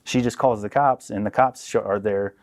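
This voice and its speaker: A man with a fairly low voice tells a long personal story as a podcast guest. He talks casually and acts out the people in his story with lively voices. He is recorded in a podcast studio. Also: moderate pace. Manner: animated, acts out quoted people.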